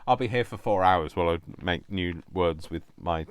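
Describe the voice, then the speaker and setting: A middle-aged British man chatting casually while opening mail, rambling and excitable, prone to over-explaining. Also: sits low, moderate pace, clean tone, no room sound. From United Kingdom. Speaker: crafting vlogger.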